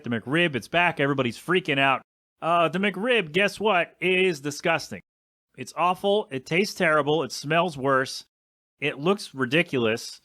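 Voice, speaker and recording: A man's voice: fairly high pitch, sharp tone, no echo, studio quality. A young adult man hosting a casual solo podcast, rambling and complaining in an exasperated way with some swearing. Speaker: podcast host.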